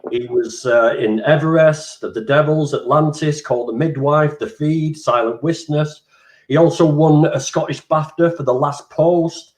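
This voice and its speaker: A man hosting a casual interview, chatty and animated, casually swearing. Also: a little high, measured pace. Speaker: interviewer, channel host.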